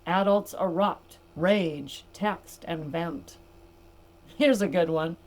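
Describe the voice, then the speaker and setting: A woman's voice: medium pitch, lively intonation, slow. An older woman, a grandmother, hosting a sobriety coaching podcast, chatting casually with her listeners, laughing often and calling them gals. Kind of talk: casual podcast monologue reading from a book.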